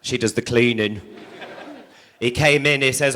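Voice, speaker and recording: Bright bawdy stand-up comedian man. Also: medium pitch, fairly even intonation, a little slow. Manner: crude, cheeky joke-telling in a motherly stage persona.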